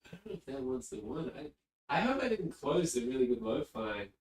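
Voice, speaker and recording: A man's voice: mid-range voice, big pitch swings, moderate pace. A man streaming live and chatting casually, rambling and easily distracted, sitting far from his mic. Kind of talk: casual livestream chat. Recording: echoey room, distant mic.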